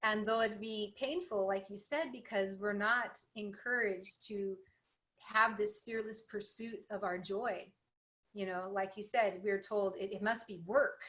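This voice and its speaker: A woman's voice: medium pitch, steady tone, unhurried, fairly bright tone, poor audio. A woman hosting a spiritual interview, earnest and affirming toward her guest. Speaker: host.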